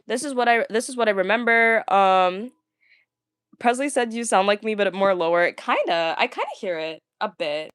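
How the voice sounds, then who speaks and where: A young woman talking casually, ranting to viewers, stammering and repeating words, with a fairly deep voice for a woman. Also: animated, moderate pace, fairly bright tone, clear, resonant tone, no room sound, studio quality. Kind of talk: casual rant.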